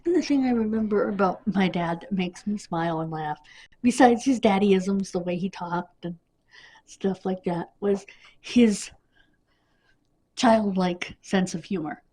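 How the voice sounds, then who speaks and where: A woman vlogger with a cold, casually reminiscing in a rambling, halting way. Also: mid-range voice, mellow. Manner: rambling, halting, with many restarts and fillers. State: coughing, sniffly. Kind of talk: casual personal storytelling.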